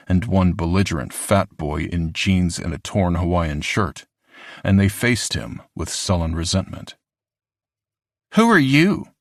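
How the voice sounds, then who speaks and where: A man narrating an audiobook with steady, even storytelling. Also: deep voice, dry recording, studio quality. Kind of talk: scripted narration.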